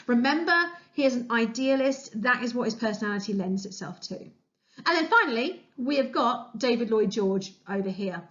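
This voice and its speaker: A woman's voice: on the high side, lively intonation, normal speed, dull audio. A woman history teacher giving an enthusiastic, chatty revision lesson as a voice-over, with frequent fillers. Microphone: voice-over over slides.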